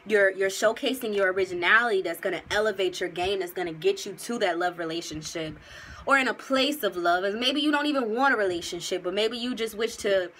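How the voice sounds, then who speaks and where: A woman's voice: medium pitch, brisk, fairly bright tone, poor audio. A woman giving a casual tarot reading to her viewers, slangy and emphatic as she talks to them directly, and at times moved close to tears. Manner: gets emotional, near tears. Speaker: tarot reader.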